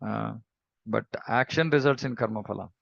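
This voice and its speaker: A man giving a devotional scripture class in a reflective, measured way, pausing often and humming between thoughts. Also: lowish voice, vocal fry, no echo, highs cut off. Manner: reflective, measured, with pauses and hums. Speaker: scripture teacher.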